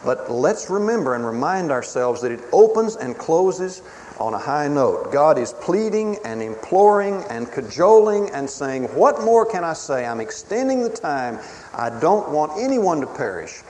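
A man preaching a sermon in a dramatic, emphatic way, swinging between booming declarations and hushed pleas. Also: sing-song, measured pace. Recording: reverberant hall with faint ambient noise.

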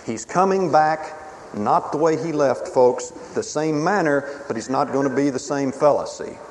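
A man preaching a sermon in a dramatic, emphatic way, swinging between booming declarations and hushed pleas. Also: normal speed. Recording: reverberant hall with faint ambient noise.

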